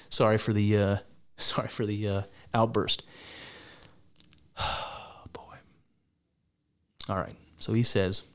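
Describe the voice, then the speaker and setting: A man's voice: fairly low pitch, flat delivery, slow pace, long pauses. A man giving sarcastic, exasperated and profane reaction commentary on a debate. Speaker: political commentator.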